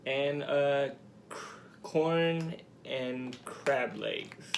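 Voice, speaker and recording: A man's voice: mid-range voice, very slow, creaky, noisy background. A man co-hosting a mukbang with his partner, talking casually and hesitantly with many ums. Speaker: co-host partner. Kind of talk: casual chat while eating.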